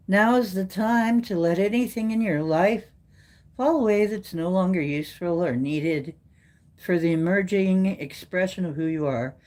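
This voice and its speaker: A woman with a lowish voice chats at a slow, easy pace while drawing cards. She is playful and teasing and slips into joking voices, then reads each card's message aloud. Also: a little mellow. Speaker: host reading oracle cards. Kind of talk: casual chat and reading cards aloud.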